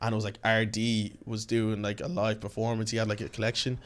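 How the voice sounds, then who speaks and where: A man with an Irish accent, a podcast guest chatting casually and telling stories in an animated, slangy way with frequent laughter. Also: on the low side, brisk.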